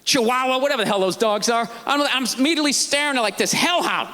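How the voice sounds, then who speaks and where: A man performing a stand-up comedy routine, ranting sarcastically and shouting his punchlines. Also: very high-pitched, fast talker. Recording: live stage recording with audience and noise.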